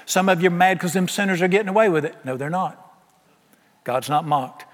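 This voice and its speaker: A man preaching a sermon, folksy and animated, often acting out what people say. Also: high-pitched, a little fast. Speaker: pastor. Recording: long hall reverb.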